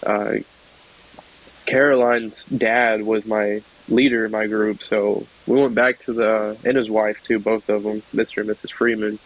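A young man from the American South, a podcast guest telling a story in a relaxed chatty way and laughing often. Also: lowish voice, unhurried, poor audio. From South Georgia, United States. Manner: chatty, laughs often, acts out voices in his stories. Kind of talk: casual storytelling.

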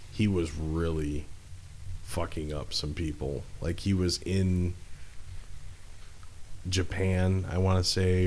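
A man with a very low voice holds forth in loose, laid-back chat. He rambles and swears freely as he talks. His delivery stays easygoing and conversational. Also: a little hiss or hum. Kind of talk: casual chat.

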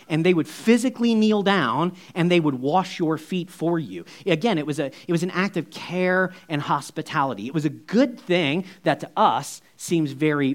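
Animated preacher, high voice. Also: male voice. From United States. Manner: conversational, lots of "like" and asides, animated storytelling. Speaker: pastor. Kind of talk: sermon.

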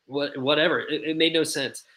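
A man's voice: fairly high pitch, steady tone, moderate pace, a bit bright, low-quality recording. A man co-hosting a sports podcast, explaining his view at length in casual chat.

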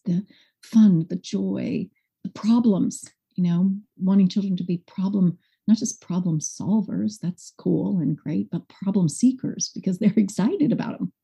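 A woman's voice: medium pitch, unhurried, vocal fry, slightly rough. A woman school director as a podcast guest, talking expressively and acting out quotes in a conversational interview. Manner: expressive, animated, acts out quotes.

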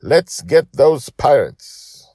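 A man voicing a four-year-old pirate girl, high-pitched, harsh and commanding, storybook podcast. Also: sing-song, drawn-out words, warm tone, breathy edge, no echo, clean studio sound, exaggerated voice.

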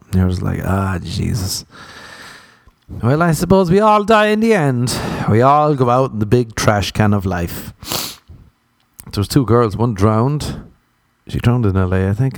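Irish male stand-up, sweary ranting delivery, lower voice, close and dry. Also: a little mellow, no echo. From Ireland. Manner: profane, ranting, acts out voices. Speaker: stand-up comedian. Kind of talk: stand-up comedy.

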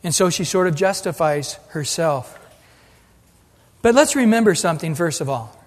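A man preaching a sermon as pastor, animated and acting out the voices he quotes. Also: on the high side, normal speed. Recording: long hall reverb.

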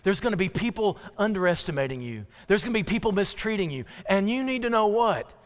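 A man voicing a patient, loving woman nanny, speaking slowly and softly with emphatic repetition. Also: high-pitched, expressive, in a large hall, voice pushed up. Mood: tender. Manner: slow, soft, emphatic repetition.

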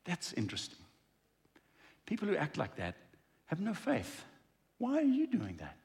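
A man's voice: on the high side, wildly swooping pitch, moderate pace, gravelly, darkish tone. A man preaching a conversational sermon in a church, acting out dialogue as he goes. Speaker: pastor.

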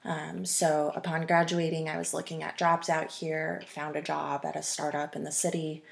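A woman's voice: deep voice, little pitch movement, normal speed, creaky. A woman in her twenties, a runner guest on a podcast, chatting casually and rambling with many ums and restarts. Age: 20s. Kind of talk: casual interview chat.

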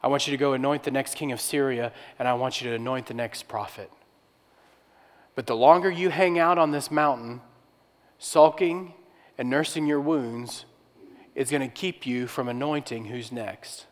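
A man's voice: mid-range voice, moderate pace, big-room sound, lightly acted. A man voicing God, speaking firmly and declaring what he will do. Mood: commanding.

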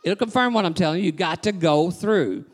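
A man's voice: high voice, fairly quick. A male pastor preaching a sermon to his congregation, emphatic and rhythmic, with frequent call-outs to the crowd. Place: church sanctuary. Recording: long reverb of a large church hall.

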